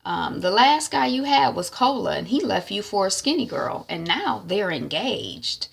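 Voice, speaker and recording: A woman's voice: medium pitch, sing-song, a little slow, creaky, husky, exaggerated voice. A woman voicing a teasing, bossy younger sister who needles her big sister about her weight. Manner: mocking, needling.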